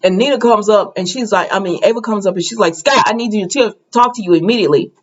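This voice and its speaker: A chatty woman talks through a soap opera episode, jumping into the characters' lines with a higher voice. The sound is slightly dull and lo-fi. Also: quick pace. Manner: chatty, acts out characters' lines with raised pitch. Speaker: soap opera recap host. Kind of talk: casual episode recap.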